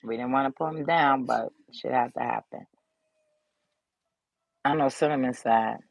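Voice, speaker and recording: A vlogger speaks straight to camera in a loose, rambling way, swearing freely and drifting off the point. The voice sits at a middling pitch and sounds subdued and grieving. The recording is dry and close, with little room sound. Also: measured pace, creaky, no echo, rough recording. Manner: rambling, loose and profane, loses track of the thought. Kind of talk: casual to-camera vlog talk.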